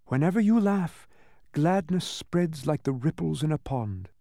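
A man reading aloud, voicing a grave, quiet, wise young princess in a storybook. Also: fairly high pitch, measured pace, creaky, no room sound, clean studio sound, pitched above the performer's own voice. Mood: gentle, wise. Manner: calm, quiet, patient.

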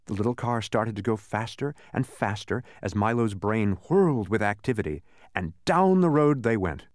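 A man narrating a children's storybook with expressive storytelling. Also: lowish voice, moderate pace, no echo, clean studio sound. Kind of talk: audiobook narration.

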